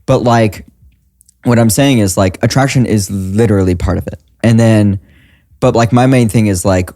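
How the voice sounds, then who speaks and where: A man's voice: on the low side, moderate pace, warm tone, dry recording, clean studio sound. A young man chatting as a podcast guest in an easygoing way, with lots of filler words. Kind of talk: casual chat.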